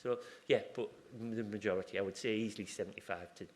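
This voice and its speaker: A man's voice: lowish voice, fairly even intonation, fast. Chatty man telling hospital anecdotes. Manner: chatty, anecdotal, acts out ward conversations. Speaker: acupuncturist in a hospital surgery team. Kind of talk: conference talk with questions from the floor.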